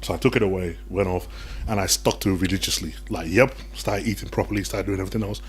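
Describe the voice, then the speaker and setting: A young man chats as a podcast guest, telling stories at a quick clip. His voice sits on the low side, and he animates his tale by putting on the voices of the people in it. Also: slight background noise. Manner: animated, acts out quoted voices. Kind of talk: casual storytelling interview.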